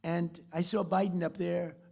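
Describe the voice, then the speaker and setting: Rambling boastful keynote speaker, a man with a very gravelly, somewhat high voice, repeating himself from a stage podium. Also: level tone, moderate pace, darkish tone. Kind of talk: political speech. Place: stage of a large theater.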